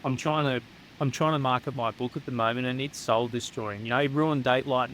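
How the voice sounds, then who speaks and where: A man's voice: mid-range voice, steady tone, a little fast, fairly bright tone, slight background noise, poor audio. An Australian man who works as a psychotherapist, speaking as a guest in a candid, casual chat, blunt and swearing freely. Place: home near the beach.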